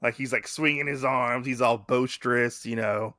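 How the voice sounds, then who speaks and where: A young man co-hosting a casual podcast chat, recapping a comic with animated delivery and acting out the characters' lines. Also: mid-range voice, moderate pace, no echo, clean studio sound. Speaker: podcast co-host.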